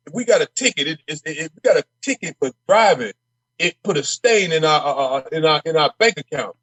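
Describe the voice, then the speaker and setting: A man's voice: fairly high pitch, animated, brisk, fairly bright tone, breathy edge, no room sound, low-quality recording. A man speaking as a guest on a podcast, brash and impassioned, stumbling and repeating words as he gets fired up. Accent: Minnesota. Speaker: state representative guest. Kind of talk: casual podcast conversation.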